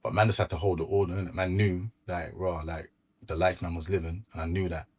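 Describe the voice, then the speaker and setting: A man with a London accent tells his story in a relaxed, slang-filled way, often acting out what others said. His voice sits low and has a husky edge. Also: fairly quick. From Brixton, London. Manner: laid-back street slang, recounts events with quoted dialogue. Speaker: podcast guest. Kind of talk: casual storytelling interview.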